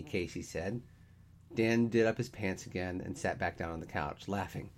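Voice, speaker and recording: A man narrating a story aloud in an expressive storytelling manner. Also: sits low, normal speed.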